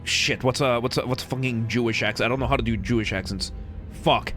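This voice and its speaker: A man's voice: mid-range voice, fairly quick, pushed and bright, faint music behind. A man streaming a game, chatting casually and joking with chat in a rambling, self-correcting way. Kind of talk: casual live-stream commentary.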